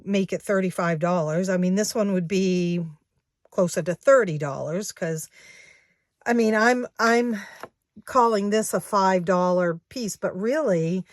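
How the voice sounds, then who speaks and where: A woman in her sixties talks slowly and chattily as she shows off her handmade products to viewers. Her voice sits a little low, and she rambles and backtracks to fix what she just said. The sound is dry and close, with no room echo. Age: 60s. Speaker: craft shop owner showing her products. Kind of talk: casual chat to viewers.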